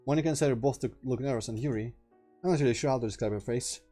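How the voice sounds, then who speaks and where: A man's voice: mid-range voice, rapid-fire, mellow, soft background music. A young man streaming a visual novel, reading the narration aloud and muttering casual asides.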